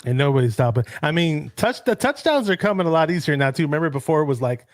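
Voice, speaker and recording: A man hosting a sports talk show, chatting in a relaxed way and reading out viewer comments. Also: on the high side, fast, few pauses, dry recording, clean studio sound. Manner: relaxed, many ums and restarts. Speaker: podcast host.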